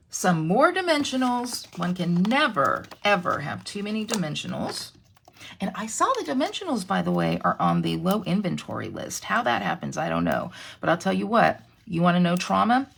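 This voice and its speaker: A woman's voice: medium pitch, creaky, fairly bright tone, slight background noise. A middle-aged woman, chatting through a craft tutorial and talking straight to her viewers. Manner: bubbly, self-deprecating, talks to viewers. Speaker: crafting channel host.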